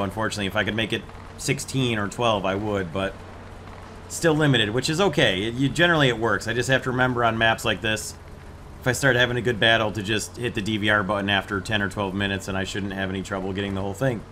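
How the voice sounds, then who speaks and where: A man hosting a gaming channel, explaining his match in a relaxed way and then calling out targets to his squad. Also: fairly low pitch, slight background noise. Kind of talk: gameplay commentary and squad voice chat.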